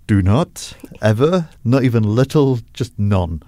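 A man's voice: medium pitch, animated, measured pace, dark tone, no echo. A man hosting a casual film review podcast, playful and teasing as he wraps up. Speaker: podcast host.

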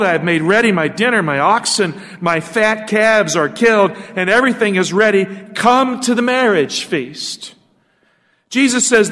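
A man's voice: high voice, a bit bright, big-room sound. A male pastor preaching a sermon, asking his listeners rhetorical questions as he teaches from scripture.

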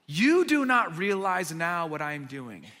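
A man plays a calm, gentle male teacher whose speech is measured and often trails off quietly. His voice is high and bright. It rings out with a long hall reverb. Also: full character voice.

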